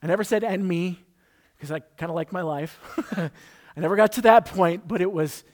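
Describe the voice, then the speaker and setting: A man's voice: high-pitched, moderate pace. A man preaching a conversational sermon, telling a personal story and joking with the congregation. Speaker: pastor.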